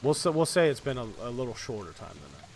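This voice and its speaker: A man narrating as game master of a tabletop role-playing game in a relaxed, conversational way. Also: mid-range voice, fast talker, a little hiss or hum.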